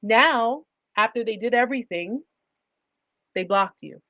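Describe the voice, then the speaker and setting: A woman's voice: on the high side, animated, unhurried, long pauses, no room sound, muffled recording. Emphatic woman repeating rhetorical questions. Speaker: livestream host. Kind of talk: livestream advice talk.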